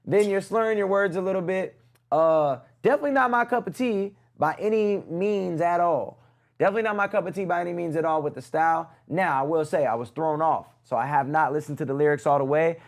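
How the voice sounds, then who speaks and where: A man's voice: a little high, a little fast. A man hosting a live music review stream, giving blunt, casual critiques in slang and talking to his chat. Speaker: music review livestream host.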